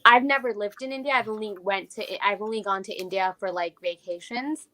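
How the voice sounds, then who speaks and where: A woman's voice: mid-range voice, fairly quick, crowd noise. A young woman raised in Japan, speaking with an American accent, telling a personal story as an interview guest and reflecting aloud with many fillers.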